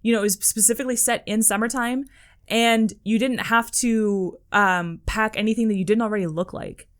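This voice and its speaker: A woman's voice: fairly high pitch, fairly even intonation, moderate pace, clear, resonant tone. A woman co-hosting a podcast in casual chat, rambling with lots of fillers. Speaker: podcast co-host.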